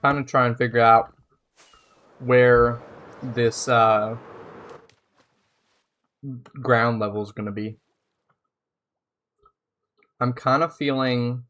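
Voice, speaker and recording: A man's voice: medium pitch, fairly bright tone. A man live-streaming a building game, chatting casually and thinking aloud as he plays.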